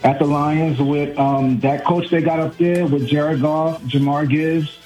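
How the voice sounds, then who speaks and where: A man's voice: a little high, steady tone, measured pace, warm tone, faint music behind. A man from Brooklyn with a New York accent, calling into a radio show as a gloomy, resigned football fan. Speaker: caller. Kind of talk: call-in radio chat. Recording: dull lo-fi phone call.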